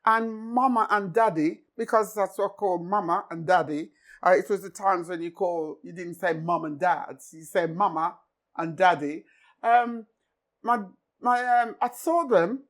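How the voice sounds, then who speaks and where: A woman's voice: on the low side, measured pace. An older woman from Jamaica with a Jamaican accent, telling childhood stories in a casual family chat, often laughing. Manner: laughs often, storytelling with restarts. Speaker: podcast host.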